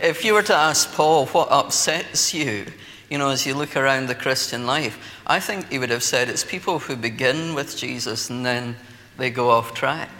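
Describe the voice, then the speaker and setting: A man's voice: mid-range voice, sharp tone, a little hiss or hum. A Scottish man preaching a sermon, telling stories in a conversational way with light laughter. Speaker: pastor. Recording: long hall reverb, faint ambience.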